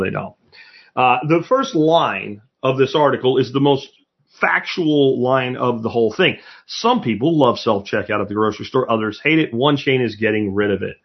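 A man's voice: medium pitch, breathy edge, muffled recording. Blunt opinionated man with a twang. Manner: blunt, opinionated, swears casually. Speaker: podcast host. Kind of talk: solo podcast commentary.

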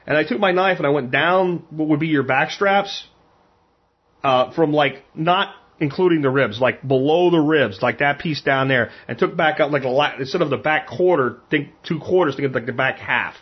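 A man's voice: fairly high pitch, normal speed, breathy edge. A man from Pennsylvania who hunts and cooks game, telling stories in a frank, rambling way and often repeating words. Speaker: hunter and cook. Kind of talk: casual storytelling. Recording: dull lo-fi sound.

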